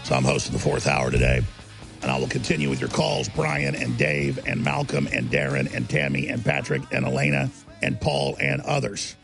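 A man hosting a talk radio show, ranting heatedly and swinging between loud outbursts and low asides. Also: big pitch swings, moderate pace, gravelly, soft background music.

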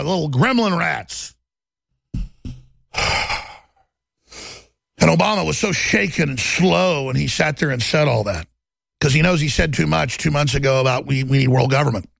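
A man's voice: on the high side, lively intonation, normal speed, creaky, long pauses, a bit bright, no echo. A man hosting a talk show, delivering an intense, heated, rambling monologue.

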